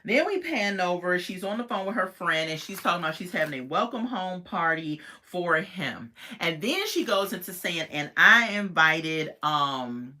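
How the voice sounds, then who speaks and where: Lively, laughing woman recapping TV. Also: fairly low pitch, normal speed, hardly any pauses. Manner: animated, slangy, laughs often. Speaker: TV show reviewer. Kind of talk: casual recap chat.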